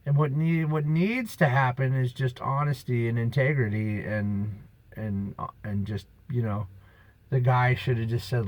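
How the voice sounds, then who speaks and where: A man's voice: mid-range voice, fairly even intonation, measured pace, lo-fi sound. A man in a rambling, preachy monologue, emphatic and drifting off-topic, talking outdoors on a beach. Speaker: vlogger.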